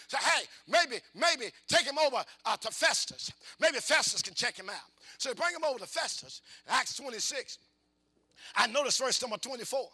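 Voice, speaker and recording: High-voiced, sharp-toned preacher man. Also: lively intonation, normal speed, slightly rough. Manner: swings from hushed asides to fervent shouting; folksy, repetitive, questions the congregation. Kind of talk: call-and-response sermon.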